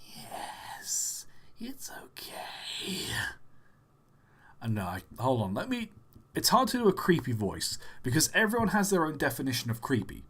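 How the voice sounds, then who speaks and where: A man's voice: medium pitch, wildly swooping pitch, a little fast, fairly bright tone, breathy edge. A man on his live stream, casually chatting and joking as he reads out viewer comments, laughing often. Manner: rambling, jokey, laughs often.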